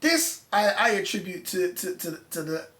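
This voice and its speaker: A man's voice: high-pitched, very animated, moderate pace, sharp tone, echoey room. A man, a former music journalist, talking as a guest in a casual conversation, telling his story with passion and animation.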